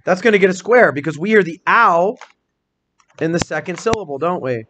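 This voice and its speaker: A man teaching a small-group phonics lesson in a classroom, asking questions, encouraging answers and spelling words out slowly. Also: high-pitched, animated, fairly bright tone, slight background noise.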